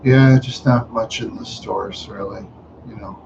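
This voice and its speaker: A man's voice: on the low side, steady tone, unhurried, vocal fry, highs cut off, background noise. A tired, yawning man hosting a casual livestream chat, rambling along with many fillers and trailing asides. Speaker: livestream host.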